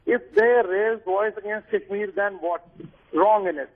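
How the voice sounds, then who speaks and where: A high-voiced man calls into a heated news panel from Pakistan. His words come in halting, insistent bursts over a tinny phone line. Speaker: phone-in guest.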